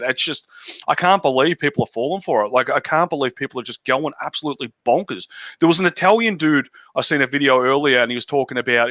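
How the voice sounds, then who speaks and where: A man's voice: mid-range voice, sharp tone, no room sound. An Australian man hosting a casual political chat, blunt and profane, ranting in a dull lo-fi recording. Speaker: podcast host.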